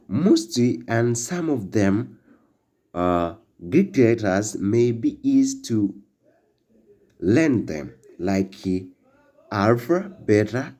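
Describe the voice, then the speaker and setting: Slow, low-voiced male language teacher. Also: mellow. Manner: slow, halting delivery with fillers, drilling words for repetition. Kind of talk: classroom-style language lesson.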